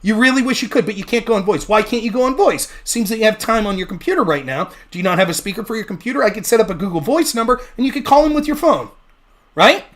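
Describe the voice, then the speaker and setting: A man's voice: high-pitched, animated, fast talker, fairly bright tone. A man hosting a political livestream, ranting heatedly, swearing and sarcastically challenging chat viewers to call in. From United States. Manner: swears freely. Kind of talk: heated solo livestream rant.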